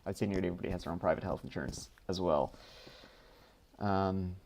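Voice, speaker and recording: Low-voiced Dublin man chatting on stream. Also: fast talker, gravelly, a little mellow, slight background noise. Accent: Dublin Irish. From Ireland. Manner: rambling, reads questions aloud then answers with many ums. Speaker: streamer answering viewer questions. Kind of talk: casual live-stream chat.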